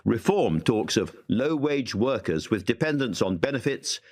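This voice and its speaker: Brief: male TV presenter, grave and measured, lively rising and falling delivery. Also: mid-range voice. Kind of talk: broadcast commentary.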